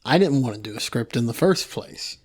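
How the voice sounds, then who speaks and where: A man's voice: mid-range voice, expressive, a little fast, a little mellow. A young man with a light Eastern Kentucky accent, co-hosting a podcast with dry, wry remarks. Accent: Eastern Kentucky, light drawl. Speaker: podcast co-host. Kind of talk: casual chat.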